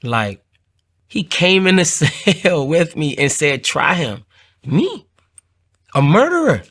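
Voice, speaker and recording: A man's voice: wildly swooping pitch, slow pace, fairly bright tone. A man telling his own conversion story in an earnest, heartfelt way, often repeating phrases and lifting his voice as he recalls the moment. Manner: earnest, repeats phrases, rises in pitch when moved. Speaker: testimony speaker. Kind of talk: personal testimony.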